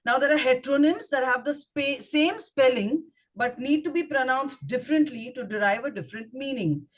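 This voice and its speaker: A woman with an Indian English accent walks a speaking club through tricky words. Her voice sits slightly high, and she spells terms out letter by letter before testing the group with questions. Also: lively intonation, moderate pace. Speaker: grammarian at a speaking club meeting. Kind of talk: instructive club talk.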